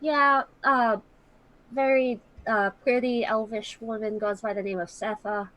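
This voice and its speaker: A woman playing in a tabletop game, chatty and filler-heavy, quick to laugh. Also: fairly high pitch, steady tone, a bit bright, poor audio. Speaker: player. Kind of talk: casual tabletop play.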